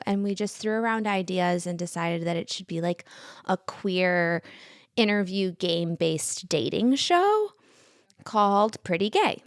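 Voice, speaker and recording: Young woman chatting as a podcast guest, animated, says like a lot, dry close mic. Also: medium pitch, slow pace, clear, resonant tone, no echo. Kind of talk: casual conversation.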